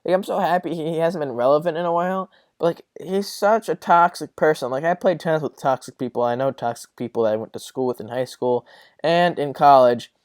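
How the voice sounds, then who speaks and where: A man's voice: a little high, fairly quick, darkish tone, dry recording, studio quality. A young man hosting a casual solo sports podcast, rambling and swearing as he rants. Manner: rambling, profane, exasperated. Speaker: podcast host.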